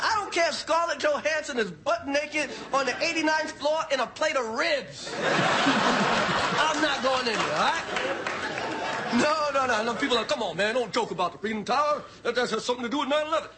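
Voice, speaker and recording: Man, stand-up comedian, very high voice, roaring audience laughter, loud live-show recording. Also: heavy background noise. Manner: loud, repeats punchlines, shouts for emphasis. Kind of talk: stand-up monologue. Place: TV studio stage with live audience. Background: audience laughing and cheering.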